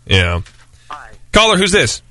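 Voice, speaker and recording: A man hosting a casual call-in podcast, teasing guests in quick banter. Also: high voice, huge pitch swings, pushed and bright. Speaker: host.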